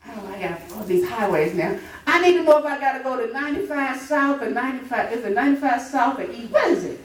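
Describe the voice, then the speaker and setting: A woman preaching a sermon, lively and laughing, calling out to the congregation and breaking into half-sung lines. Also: high-pitched, fast. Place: church sanctuary. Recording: roomy church sound from a distance. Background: congregation responding.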